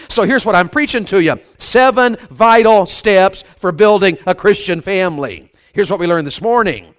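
A man's voice: high voice, moderate pace, few pauses, a bit bright. A man preaching a revival sermon, telling funny stories in a folksy, conversational way and calling on the congregation for amens. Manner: humorous storytelling, asks the crowd for amens.

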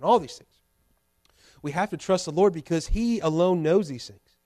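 A man's voice: fairly high pitch, moderate pace, dark tone. A male pastor preaching a sermon in a church, earnest and full of repeated rhetorical questions. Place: church sanctuary.

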